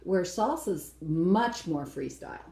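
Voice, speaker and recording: A woman's voice: on the low side, expressive, slow pace, creaky, dark tone, roomy sound, poor audio. A woman co-hosting a casual dance-show review, blunt and opinionated, acting out quotes as she talks.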